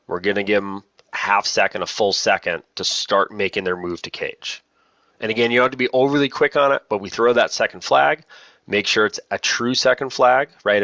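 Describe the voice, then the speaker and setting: Guy running a refs training on a video call, low voice, dull muffled audio, rambles and repeats stuff. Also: a bit bright, dry recording. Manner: chatty, self-deprecating, repeats key points. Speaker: lacrosse officials trainer. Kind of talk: casual online training talk.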